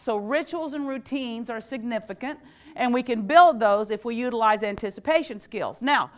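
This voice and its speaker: A middle-aged woman and former teacher giving a lively workshop talk, quizzing the audience and leading call-and-response. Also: fairly high pitch. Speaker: educator and workshop speaker.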